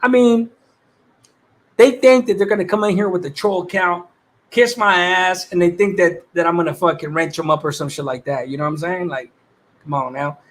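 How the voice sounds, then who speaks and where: Slangy, high-voiced man on a livestream. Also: fairly even intonation, moderate pace, fairly bright tone. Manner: laid-back slangy talk, swearing, greeting viewers. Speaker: livestream host. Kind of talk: casual livestream chat.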